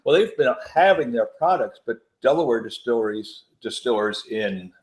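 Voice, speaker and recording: A man's voice: mid-range voice, lively intonation, normal speed. A man co-hosting a casual beer podcast, easygoing, chiming in with short agreements. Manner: brief agreeing interjections, easygoing. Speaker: podcast co-host. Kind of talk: casual chat. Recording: echoey room.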